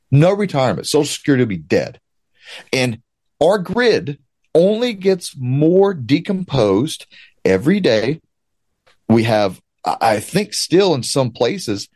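A man's voice: medium pitch, darkish tone, dry recording. A man giving political commentary, talking emphatically with a sarcastic, ranting edge. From United States. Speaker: guest commentator.

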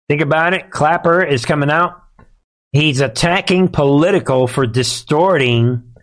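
Sarcastic man hosting a live commentary show. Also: mid-range voice. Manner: sarcastic, emphatic, talks straight to the audience. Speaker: host of a political commentary show. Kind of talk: live commentary to an online audience.

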